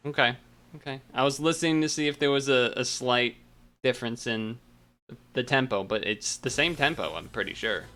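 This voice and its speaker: A man's voice: medium pitch, normal speed, pushed and bright. A man streaming, chatting casually and teasing a caller in a playful back-and-forth.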